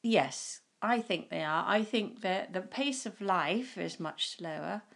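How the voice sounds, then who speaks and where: A woman's voice: fairly low pitch, animated, slow pace, gravelly, a bit bright. A middle-aged woman from England chatting easily with her son on a podcast, laughing often and speaking fondly. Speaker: guest. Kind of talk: casual chat.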